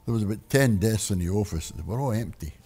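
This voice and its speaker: Older man, retired, deep voice, husky, rambling storyteller. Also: expressive, fast talker, warm tone, soft background music. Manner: rambling, restarts sentences, wry. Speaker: interviewee.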